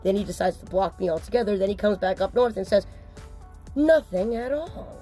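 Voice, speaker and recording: Over soft background music, a mother talks to camera in an emotional personal vlog. Her voice is medium in pitch, expressive, fairly quick and dark in tone, and she speaks out upset, insistent and blunt, with the odd swear word.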